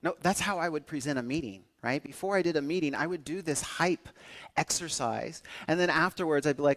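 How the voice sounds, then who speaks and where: A young man with a somewhat high voice delivers a humorous keynote to a conference crowd. His style is playful and energetic, with jokes along the way and sudden jumps in loudness. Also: a little fast. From northern United States. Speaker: conference speaker.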